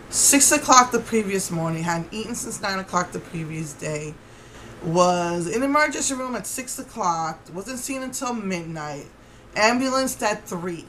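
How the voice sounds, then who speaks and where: A woman's voice: fairly low pitch, sharp tone, a little hiss or hum, poor audio. A woman vlogger telling a story to camera in an indignant, rambling way with many restarts.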